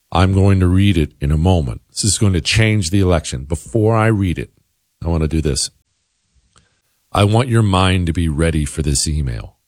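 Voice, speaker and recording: Sarcastic low-voiced male radio host. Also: no echo, clean studio sound. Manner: sarcastic, emphatic, jumps between loud and hushed. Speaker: radio talk show host. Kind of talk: talk radio monologue with ad reads. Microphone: studio microphone.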